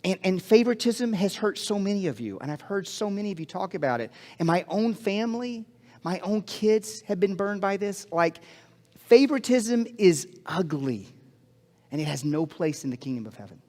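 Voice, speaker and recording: A male pastor from Alabama preaching a story-filled sermon with lively, acted-out dialogue, then closing in prayer. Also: high-pitched, normal speed. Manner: animated, acts out dialogue, repeats phrases. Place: church auditorium. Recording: long hall reverb.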